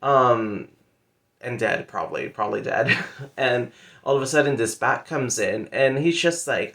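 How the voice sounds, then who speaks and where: A man with a mid-range, slightly bright voice speaks in an animated yet unhurried way. As a book vlogger giving a casual monthly reading wrap-up, he retells a story loosely, chatty and playful, with plenty of fillers like "like" and "pretty much."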